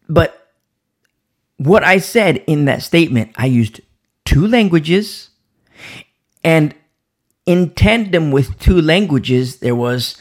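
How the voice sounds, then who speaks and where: A man teaching the Bible informally from the pulpit, with a sore throat and frequent restarts and repeated words. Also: a little high. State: sore throat, pausing to sip coffee. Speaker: preacher.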